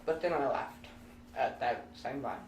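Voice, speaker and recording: A man's voice: mid-range voice, a little slow. A young man telling a goofy improvised story in a casual comedy chat, full of interruptions and running gags. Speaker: co-host. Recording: distant mic in an echoey room with noise.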